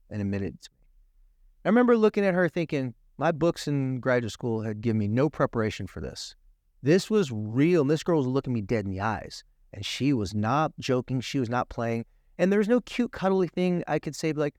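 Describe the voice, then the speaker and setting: A man's voice: mid-range voice, sing-song, fairly quick, darkish tone, no room sound, studio quality. A man appearing as a guest on a TV talk show, telling a personal story earnestly and emphatically, acting out the quoted dialogue. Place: TV studio.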